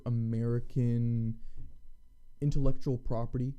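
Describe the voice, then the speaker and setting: A man's voice: mid-range voice, normal speed, mellow. A man co-hosting a political podcast, speaking in a heated, emphatic way and repeating words as he builds his point. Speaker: podcast co-host. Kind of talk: casual political commentary.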